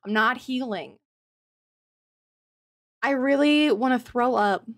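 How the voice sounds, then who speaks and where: A woman's voice: high-pitched, slow pace, soft background music. A woman streamer giving live gameplay commentary, exasperated, swearing and laughing often.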